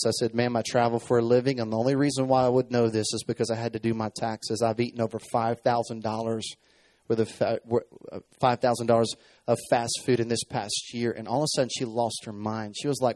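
A man's voice: mid-range voice, flat delivery, quick pace, darkish tone, no room sound. A man in his thirties preaching a sermon from a stage, telling a personal story and acting out the dialogue. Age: 30s.

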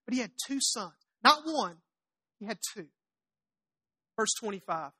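A woman preaching a sermon, retelling the story with animated storytelling, acting out the characters' lines and tossing chatty asides to the congregation. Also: mid-range voice, unhurried, breathy edge.

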